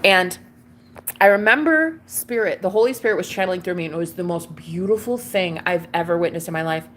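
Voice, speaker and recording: A woman's voice: lowish voice, fairly quick, fairly bright tone, slight background noise. A young woman talking to camera in a casual, confessional way, gushing and chatty, calling her listener girl and babe. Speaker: tarot reader and vlogger.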